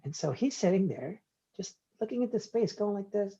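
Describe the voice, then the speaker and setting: A man's voice: high voice, moderate pace, breathy edge, muffled recording. A man, a guest in an interview, telling stories animatedly and acting out the dialogue. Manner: animated, acts out quoted dialogue. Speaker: guest entrepreneur. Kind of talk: interview storytelling.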